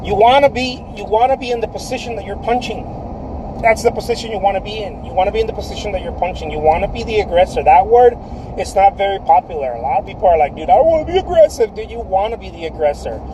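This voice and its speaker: A man's voice: sits high, quick pace, background noise. A man, a painter, giving emphatic career advice in a casual livestream, repeating his phrases and calling the listener dude.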